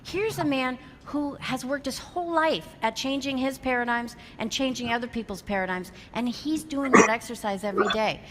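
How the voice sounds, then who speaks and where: Bright-voiced woman in her fifties telling stories on stage. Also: a little high, moderate pace, hardly any pauses. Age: 50s. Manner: animated storyteller who acts out quoted dialogue. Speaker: motivational seminar speaker. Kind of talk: storytelling keynote talk to a live audience. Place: large hall with an audience. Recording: long hall reverb, faint background noise.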